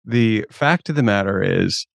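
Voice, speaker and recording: A man's voice: fairly low pitch, a little slow, vocal fry, dry recording, clean studio sound. A man co-hosting a podcast, chatting in a wry, self-deprecating way. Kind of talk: casual interview chat.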